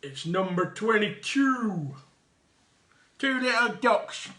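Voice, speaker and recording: A man's voice: fairly high pitch, expressive, unhurried, pauses often, a bit bright. A man hosting a live online quiz, reading out answers with jokey, chatty asides. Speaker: quiz host.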